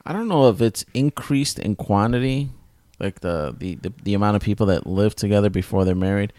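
A man's voice: lowish voice, a little fast, darkish tone, dry recording, clean studio sound. A man co-hosting a podcast in laid-back casual chat, asking questions and reacting.

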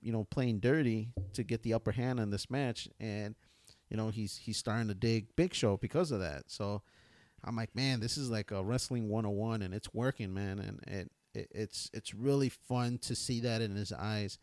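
Casual podcast co-host, man, lowish voice, dry close mic, laid-back storyteller. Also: moderate pace, darkish tone, no room sound. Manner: laid-back storytelling, quotes his son in a high voice.

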